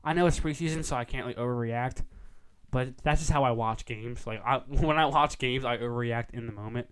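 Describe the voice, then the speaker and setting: A young man co-hosting a casual sports podcast, excitable and profane, quick to overreact. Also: mid-range voice, clean tone. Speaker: podcast co-host.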